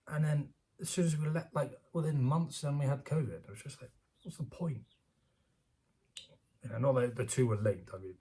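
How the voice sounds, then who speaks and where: A British man with a husky, phlegmy voice, rambling and sarcastic as he reads an article aloud and rants about it, laughing often. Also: mid-range voice, darkish tone. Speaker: commentator reading news aloud. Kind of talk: casual rant reacting to an article.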